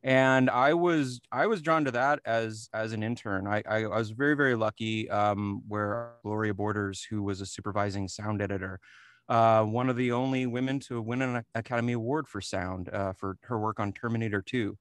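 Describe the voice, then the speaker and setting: A man's voice: on the low side, moderate pace. A man from New Jersey, a re-recording mixer, talking casually in an interview with many fillers and restarts. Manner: relaxed, chuckles often, many fillers and restarts.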